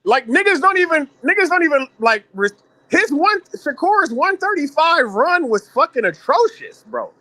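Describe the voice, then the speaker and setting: A man with a strikingly high, bright, ringing voice rants in heated panel talk, swearing constantly and hammering every point with emphasis. His voice sits close and dry on the mic. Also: very animated, normal speed, no echo. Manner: profane, ranting, emphatic.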